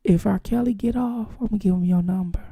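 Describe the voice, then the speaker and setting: A woman's voice: medium pitch, quick pace, warm tone, slightly rough. A woman hosting her own channel, giving blunt, profane, teasing live-stream commentary to her viewers. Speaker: channel host.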